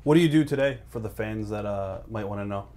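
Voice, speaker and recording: A man's voice: fairly low pitch, darkish tone. A male interviewer asking questions and wrapping up a shoot interview with upbeat thanks. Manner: upbeat, quick reactions and wrap-up thanks.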